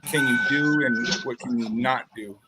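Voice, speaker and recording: A man's voice: medium pitch, steady tone, moderate pace, heavy background noise. A man on a casual call, teasing and cracking crude jokes. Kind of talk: casual group call chat.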